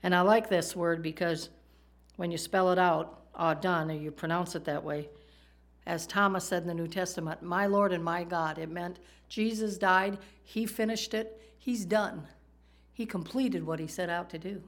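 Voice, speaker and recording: Brief: woman preacher with a fairly low voice, teaching sermon with jokes. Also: fairly even intonation, normal speed. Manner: teaching, explains Hebrew words, tells jokes.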